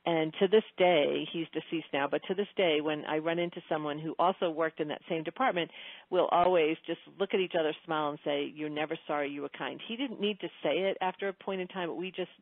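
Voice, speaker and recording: A woman guest speaker telling lively stories in a phone interview, acting out quotes. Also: deep voice, a little fast, dry recording. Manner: animated storyteller, acts out quotes. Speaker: guest speaker, customer-service trainer. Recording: tinny phone line, dry.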